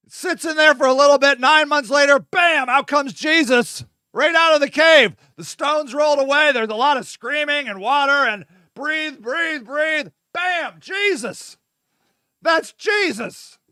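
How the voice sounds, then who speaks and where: Host, male, very high bright voice, dry close sound, loose irreverent riffing with shouted bursts. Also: no room sound. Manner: vamping, talks to his audience. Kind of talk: casual solo monologue.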